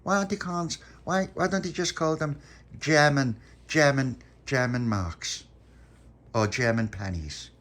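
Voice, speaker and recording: A man voicing a curious little boy who keeps asking questions in a squeaky voice. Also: measured pace, a bit bright.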